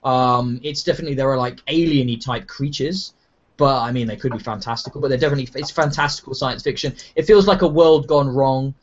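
A man hosting a casual gaming podcast, talking in an animated, rambling way with many restarts. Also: mid-range voice, brisk, a little hiss or hum. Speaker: podcast host. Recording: dull lo-fi sound.

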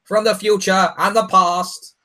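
A man's voice: sits high, little pitch movement, measured pace, pushed and bright, voice pushed up. A man putting on a grand, proclaiming voice for a mock all-knowing robot boy seer.

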